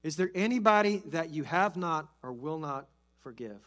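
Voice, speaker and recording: A pastor preaching a sermon with earnest conviction, building to emphatic peaks and then dropping soft and slow. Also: male voice, a little high, expressive. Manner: repeats key phrases, slows for emphasis.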